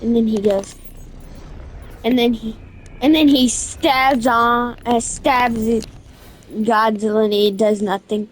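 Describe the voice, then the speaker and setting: A woman narrating a game event in a casual, excited, slangy way, restarting her sentences again and again. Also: a little high, takes it slowly, long pauses, slight background noise. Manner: rambling storytelling with constant restarts. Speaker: gaming video creator.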